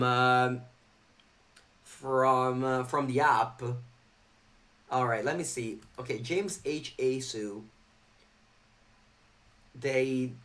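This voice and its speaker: A man's voice: mid-range voice, a bit bright. Chatty young man streaming a card game. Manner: chatty, reads viewer chat aloud and answers it. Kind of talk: live game stream commentary.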